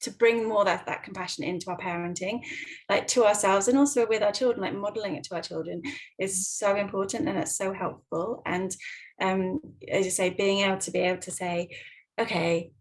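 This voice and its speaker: A woman clinical psychologist giving advice in a gentle way, with many ums and restarts. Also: medium pitch, steady tone, brisk, poor audio. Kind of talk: advice talk.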